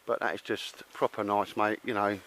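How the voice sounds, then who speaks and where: A man's voice: fairly low pitch, flat delivery, moderate pace, fairly bright tone, a little hiss or hum. A man with a Cockney accent chatting casually outdoors while showing a tarp shelter, laddish and calling everyone mate. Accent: London Cockney. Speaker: outdoor gear vlogger. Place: outdoors at a campsite.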